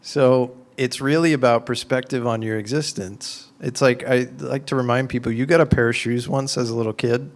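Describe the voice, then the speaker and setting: A man speaking to an audience in a relaxed question-and-answer session. He explains ideas through lively everyday examples and keeps his delivery conversational, filling it with frequent "like"s. His voice sits at an ordinary middle pitch. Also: normal speed, hardly any pauses. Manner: conversational, animated storytelling with many "like"s. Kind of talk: informal talk and Q&A.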